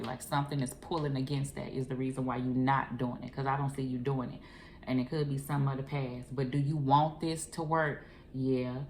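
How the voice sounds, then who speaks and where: A woman doing a casual tarot reading in a chatty, familiar way, calling the listener boo and honey. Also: a bass voice. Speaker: tarot reader. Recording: echoey room, faint hiss.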